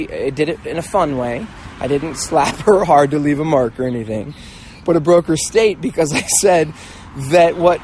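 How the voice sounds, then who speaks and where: A middle-aged man hosting a motivational mentoring talk, telling stories in a casual, animated way and acting out voices, with a swear word now and then. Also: fairly high pitch, a little hiss or hum. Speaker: host, mentor.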